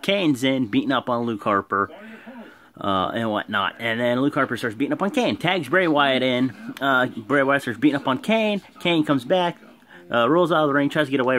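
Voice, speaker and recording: A man casually and excitably recapping a wrestling show for his viewers. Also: medium pitch. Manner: excitable, animated retelling. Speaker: video host.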